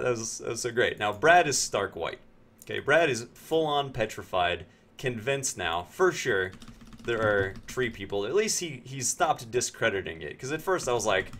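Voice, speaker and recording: A game streamer from Pennsylvania tells a story in a casual, animated way, acting out other people's lines. His voice sits at a medium pitch and he speaks at a moderate pace.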